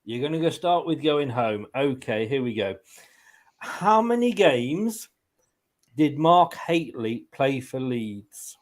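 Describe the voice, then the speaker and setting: A man's voice: mid-range voice, very animated, slow pace. A man hosting a casual online football quiz, chatty and laughing often as he talks. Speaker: quiz host.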